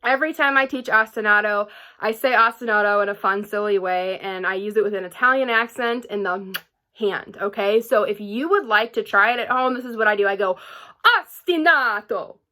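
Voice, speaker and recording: A woman's voice: mid-range voice, fairly even intonation, fairly quick, pushed and bright. A young woman teaching a music lesson to children at home, patient and encouraging, often checking in with "okay?". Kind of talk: remote classroom lesson for children.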